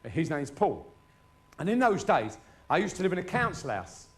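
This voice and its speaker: A man's voice: a little high, sing-song, moderate pace. A middle-aged man telling crude stories in a stand-up routine, swearing freely. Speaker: stand-up comedian. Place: live show before an audience.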